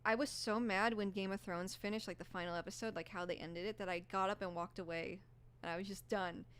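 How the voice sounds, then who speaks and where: Hoarse, gushing young woman streamer. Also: medium pitch, steady tone, brisk, a bit bright. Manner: bubbly, gushing, rambling with many fillers. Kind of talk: casual live-stream chat.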